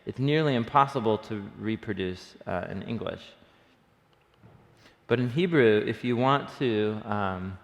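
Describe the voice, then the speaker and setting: A man leading an early-morning Bible study, teaching in an enthusiastic, conversational way and thinking aloud with plenty of fillers. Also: medium pitch. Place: church room. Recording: long reverb of a hall.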